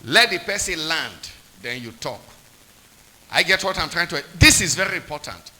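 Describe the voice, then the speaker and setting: Emphatic preacher man, lively pitch. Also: moderate pace, poor audio. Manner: call-and-response questions, emphatic repetition. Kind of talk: sermon.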